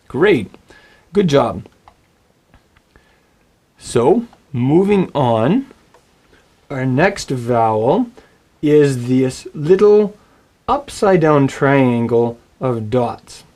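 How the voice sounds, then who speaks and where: A man teaching a recorded Hebrew lesson, friendly and encouraging, saying words slowly and getting the listener to repeat them. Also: mid-range voice, sing-song, a little mellow. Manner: friendly, encouraging, models pronunciation aloud.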